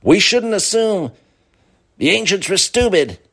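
A man's voice: high voice, very animated, a little slow, fairly bright tone, pitched above the performer's own voice, exaggerated voice. A man voicing a stuffy male TV expert in a suit, in a strained, pompous put-on American accent.

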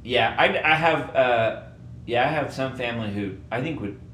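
An easygoing man co-hosting a podcast, chiming in with quick agreement and relaxed questions. His pitch sits in the middle range. The room sounds roomy, with a faint low rumble behind him. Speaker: podcast co-host. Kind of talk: casual chat.

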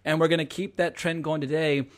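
A man's voice: on the high side, flat delivery, brisk. An American man hosting a casual podcast chat, enthusiastic, swearing casually and laughing often. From United States. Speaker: podcast host.

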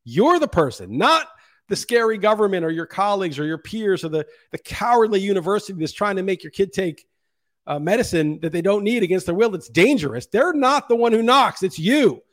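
A man's voice: high-pitched, expressive, fairly quick. A middle-aged man hosting a solo podcast, delivering an impassioned, profane rant. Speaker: podcast host. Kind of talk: monologue podcast commentary.

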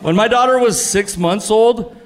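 A man in his thirties doing stand-up comedy into a stage mic, his voice sitting slightly high. He delivers every line in a punchy, animated way and spikes upward whenever a punchline lands. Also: measured pace. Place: comedy club stage before a laughing audience.

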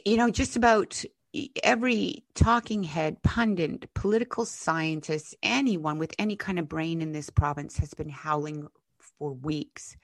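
A woman's voice: low-pitched, unhurried, no room sound. A woman co-hosting a political podcast, speaking with raw anger and blunt swearing about her province. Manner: angry, emphatic, swearing. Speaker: podcast co-host. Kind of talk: impassioned political commentary.

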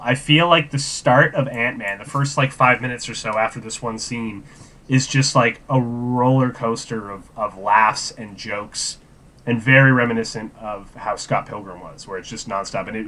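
A man's voice: mid-range voice, a bit bright. A man co-hosting a podcast, chatting casually about a film in a rambling way, full of fillers. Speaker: podcast co-host. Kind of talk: casual movie chat.

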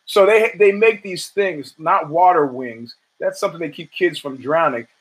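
A man with a fairly high voice hosts his own talk show, spinning a long, profane anecdote off the cuff. He stammers and restarts as he goes and slips into the other people's lines when he quotes them. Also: normal speed, rough recording. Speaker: podcast host. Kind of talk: casual storytelling monologue.

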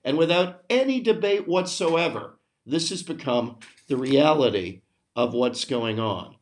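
Hosting his podcast, an American man launches into a sarcastic, forceful opinion piece, openly indignant. He speaks with a fairly high, animated voice, a little slowly.

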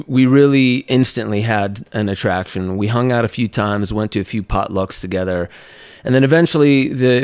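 A young man, a documentary maker on a speaking tour, tells a personal story as a podcast guest, with lively laughs and filler words. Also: fairly low pitch, clean tone, no echo, studio quality. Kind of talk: casual storytelling in an interview.

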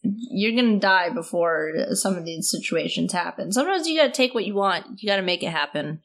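A woman's voice: mid-range voice, expressive, a little fast, a bit bright. Give me a sarcastic woman podcast host who laughs often in casual chat.

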